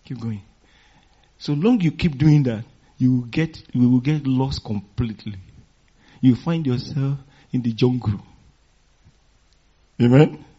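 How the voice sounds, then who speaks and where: With a mellow, breathy medium-pitched voice, a pastor preaches at a measured pace, pausing often, as the congregation completes his phrases in call-and-response and he chuckles through stories. The sound is dull and lo-fi.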